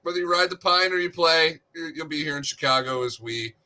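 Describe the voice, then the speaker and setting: A man's voice: a little high, a little fast, bright, forceful tone. A man co-hosting a casual sports podcast, speaking with sardonic, wry humor. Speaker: podcast co-host.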